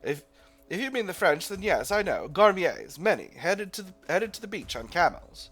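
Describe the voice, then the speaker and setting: A man's voice: on the high side, huge pitch swings, very fast, a bit bright, slightly rough, faint music behind, exaggerated voice. A man voicing a nervous middle-aged male butcher with a faintly British put-on accent, hesitant and eager to please.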